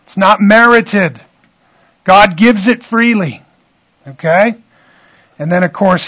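A man's voice: sits high, a bit bright, poor audio. A man preaching an expository sermon, often checking in with his listeners and restating his points. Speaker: pastor.

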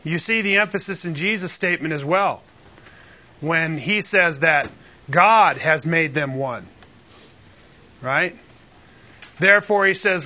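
A man preaching a sermon in a high, bright voice, earnest and emphatic. He turns to the congregation with asides and questions. The recording sounds dull and lo-fi. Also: moderate pace. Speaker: pastor.

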